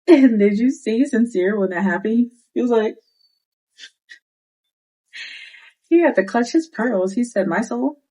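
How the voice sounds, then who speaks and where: A woman's voice: low-pitched, low-quality recording. A young woman giving a sassy, slangy recap of a reality dating show, acting out the cast's lines as she retells them. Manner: sassy, animated, slangy retelling with quoted voices. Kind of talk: casual recap commentary.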